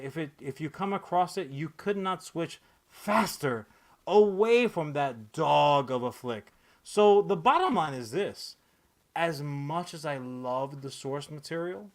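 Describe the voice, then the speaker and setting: A man in his thirties hosting a casual comic-book podcast, ranting sarcastically and profanely with lots of fillers and restarts. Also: on the high side. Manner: profane, rambling, sarcastic rant with many fillers. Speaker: podcast host.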